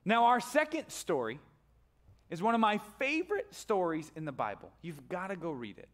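A man preaching a sermon in a noticeably high voice. He tells the story with animated energy and breaks into sudden loud, high-pitched outbursts when he acts out the characters. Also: normal speed. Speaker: pastor. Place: church stage.

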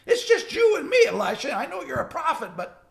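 A man voicing a panicked young male servant who shouts in disbelief. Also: huge pitch swings, normal speed, creaky, heavily acted. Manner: high, shouting, laughing in disbelief.

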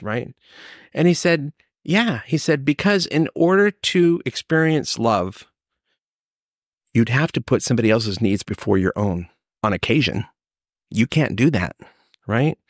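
A man's voice: medium pitch, expressive, moderate pace, no echo, clean studio sound. A man telling his personal recovery story, acting out the exchanges he quotes. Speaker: recovery speaker.

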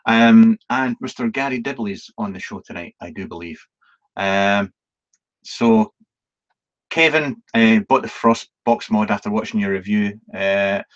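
A man hosting a live Q&A video stream, chatting casually and rambling, with plenty of ums, restarts and the odd swear word. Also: on the low side. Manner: chatty and self-deprecating, swearing now and then. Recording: dull, lo-fi stream audio.

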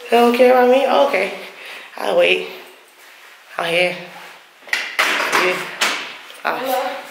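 A woman's voice: lowish voice, reverberant, slight background noise. A woman vlogger talking to her viewers in loose, slangy casual chat, cursing freely.

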